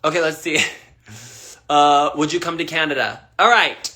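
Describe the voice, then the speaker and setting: A man's voice: fairly high pitch, steady tone, normal speed, sharp tone. A young man casually answering fan questions on a livestream, rambling loosely and swearing freely.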